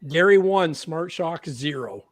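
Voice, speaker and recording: Canadian guy hosting a live show, kinda high voice that bounces all over, playful. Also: lively intonation, unhurried. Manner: playful, laughing, keeps score out loud. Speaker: podcast host. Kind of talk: casual livestream chat.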